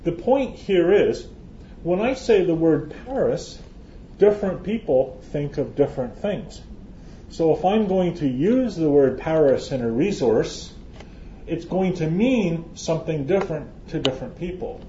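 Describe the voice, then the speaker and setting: A man's voice: on the high side, lively intonation, measured pace, mellow, slight background noise. A man from Canada, giving a joking, chatty lecture to a live audience and often restarting his phrases. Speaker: conference speaker. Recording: roomy, dull hall recording.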